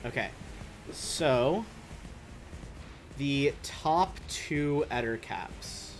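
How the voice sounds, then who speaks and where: A young man running a tabletop game as game master, chatty and relaxed, swearing casually. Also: medium pitch, extremely slow, soft background music.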